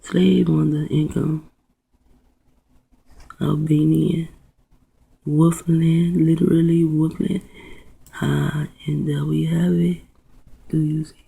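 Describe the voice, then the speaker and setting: A slow, level-toned, mid-range voice with vocal fry and a breathy edge belongs to a video host who reads aloud, rambles, spells words letter by letter, and murmurs soft exclamations. He pauses often and frequently drops to a whisper, all on a rough recording.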